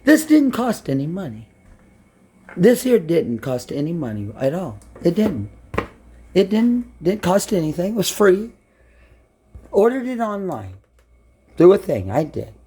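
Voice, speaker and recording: A man's voice: high-pitched, sing-song, a little slow, long pauses, warm tone, a little hiss or hum. A man from Brooklyn, rambling and swearing bluntly as he talks to his camera. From Brooklyn, New York. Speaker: vlogger.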